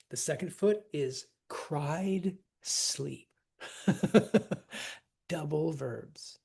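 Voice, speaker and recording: A woman teaching a lecture on verse, unhurried and chatty, full of fillers. Her voice is husky and breathy. She taps out the stresses of a line aloud, one word at a time. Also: low-pitched, darkish tone.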